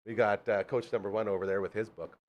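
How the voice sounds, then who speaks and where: A man hosting a podcast, bantering excitedly in casual chat. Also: fairly low pitch, quick pace, highs cut off. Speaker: podcast host.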